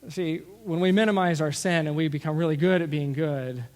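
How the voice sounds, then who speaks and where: A middle-aged man preaching a sermon as pastor, telling stories with lively asides and acting out what people said. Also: a little high, a little fast. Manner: storytelling, animated with asides and acted-out quotes. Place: church sanctuary. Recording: long reverb of a large hall.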